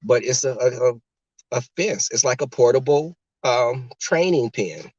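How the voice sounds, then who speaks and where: A man's voice: medium pitch, expressive, measured pace, a little mellow, slightly rough, no room sound. Chatty man, dull dry sound. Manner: chatty, talks straight to the chat. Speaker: livestream host chatting with viewers. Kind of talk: casual chat from a car.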